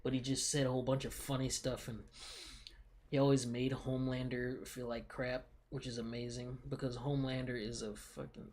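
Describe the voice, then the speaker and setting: Young male streamer, husky voice, slangy laid-back rambling chat. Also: medium pitch, level tone, moderate pace, a little mellow. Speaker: livestreamer. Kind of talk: casual livestream chat.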